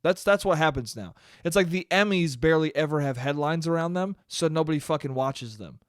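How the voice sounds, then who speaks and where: A young man hosting his own podcast, ranting alone in a casual, profane, animated way and calling listeners "dude.". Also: a little high, fairly quick, no room sound, studio quality. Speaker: podcast host. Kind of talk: solo podcast rant. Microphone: studio mic he checks the levels on.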